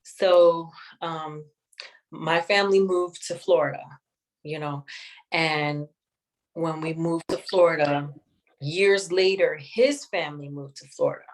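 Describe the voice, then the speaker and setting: A woman sharing a personal testimony in an interview, speaking in a measured, reflective way with many pauses. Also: low-pitched, fairly even intonation, low-quality recording. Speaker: guest sharing her testimony.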